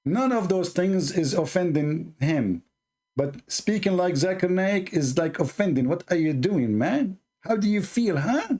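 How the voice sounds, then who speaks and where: Ranting angrily at his viewers, this channel host is combative, sarcastic and insulting. His voice is fairly high and darkish, animated but unhurried.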